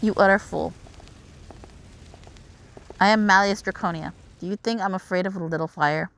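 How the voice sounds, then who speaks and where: A woman's voice: medium pitch, normal speed, creaky, fairly bright tone, dry recording. A woman reading the lines of a proud, regal male dragon prince who speaks with haughty formality.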